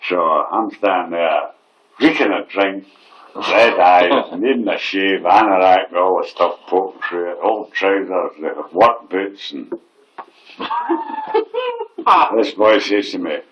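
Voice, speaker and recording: A man's voice: low-pitched, wildly swooping pitch, takes it slowly, pauses often, lo-fi sound. A middle-aged man telling a funny story, laughing often and swearing. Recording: echoey room, faint noise.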